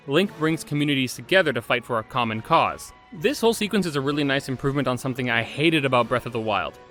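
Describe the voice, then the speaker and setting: A man's voice: medium pitch, sharp tone. A young man narrating a scripted game review video essay, enthusiastic and opinionated with casual asides.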